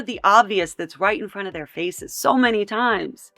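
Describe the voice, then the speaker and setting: A woman's voice: mid-range voice, normal speed, few pauses, sharp tone, no echo, soft background music. A woman hosting a reaction video, talking in an exasperated, incredulous and emphatic way. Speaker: commentary host. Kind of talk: reaction commentary.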